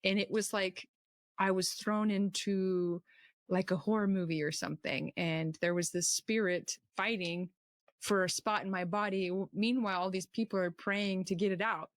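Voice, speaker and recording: A woman recounts her own story as a personal testimony, her voice leaping high whenever she acts out what someone said. The sound is dry and close, with no room around it. Her pitch sits in the middle for a woman. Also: moderate pace, dry recording. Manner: animated, acts out quotes with sudden high pitch jumps. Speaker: testimony speaker.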